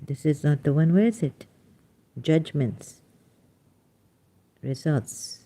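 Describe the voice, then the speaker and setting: Slow, mellow-voiced woman livestreamer. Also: deep voice. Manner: animated, emphatic, frequent fillers. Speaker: livestream host reading chat. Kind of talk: casual livestream commentary.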